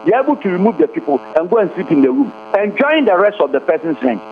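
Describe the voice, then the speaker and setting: A man delivers fervent political commentary as a radio guest, hopping between Twi and English and stacking up rhetorical questions. His voice sits high for a man. It comes through a thin, phone-like line with a faint hum underneath. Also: sing-song, fast talker.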